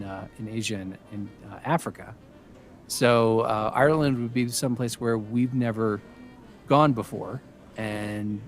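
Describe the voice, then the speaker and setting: A man, a voice actor and a father, chatting casually as a podcast guest, pausing often with fillers and restarts. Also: on the low side. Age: adult with young children. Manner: hesitant, many fillers and restarts.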